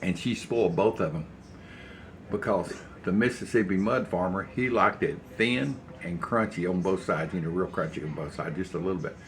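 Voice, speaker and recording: Cooking in his home kitchen, an older man with a deep voice spins rambling, folksy stories at a moderate pace for his cooking channel. The casual vlog chat has slight background noise.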